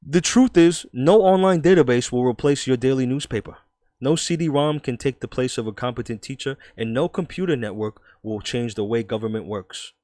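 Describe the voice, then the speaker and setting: A man's voice: mid-range voice, normal speed, no room sound, clean studio sound, close to an everyday voice. A man doing a scoffing New York columnist. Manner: emphatic, dismissive, loud read-aloud. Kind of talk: dramatic reading in a put-on voice.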